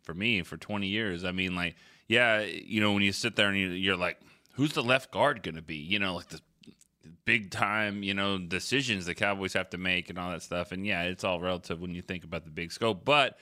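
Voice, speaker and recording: A man's voice: low-pitched, a little fast, pushed and bright. A man co-hosting a casual sports talk show, reflective and rambling with restarts. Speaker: sports writer co-host.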